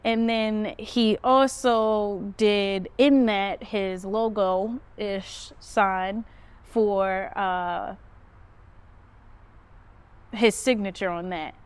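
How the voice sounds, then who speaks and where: Smooth-voiced woman telling a story. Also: very slow. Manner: animated retelling, pitch jumps up when quoting herself. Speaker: podcast host. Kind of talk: casual storytelling. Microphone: phone.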